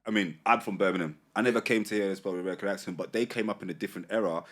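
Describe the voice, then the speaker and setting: A man from North London with a London accent, chatting casually as a podcast guest, slangy and animated, laughing often. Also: sits low, racing. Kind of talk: casual chat.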